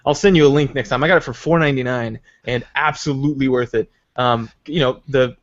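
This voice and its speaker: Fast-talking man on a dull podcast line. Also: mid-range voice. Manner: excitable, rambling gamer talk. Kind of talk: casual chat.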